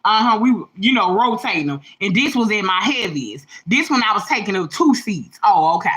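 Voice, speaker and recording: A woman, hosting a livestream and telling stories in an animated way, laughing, swearing and calling her viewers y'all and baby. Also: medium pitch, a little fast, poor audio. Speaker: livestream host. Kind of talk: casual storytelling to viewers. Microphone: phone or webcam livestream.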